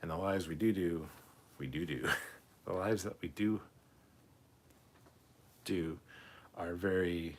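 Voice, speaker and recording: A man's voice: sits low, slow pace, long pauses. A man co-hosting a casual livestream, rambling and swearing as he reads viewer comments aloud. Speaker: livestream co-host reading chat.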